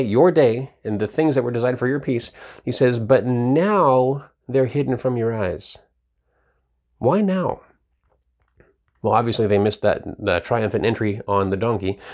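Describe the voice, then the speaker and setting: A man's voice: mid-range voice, gravelly. A man teaching from the Bible in a casual, emphatic way, often repeating words as he reads and explains verses. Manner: emphatic, repeats words while reading scripture.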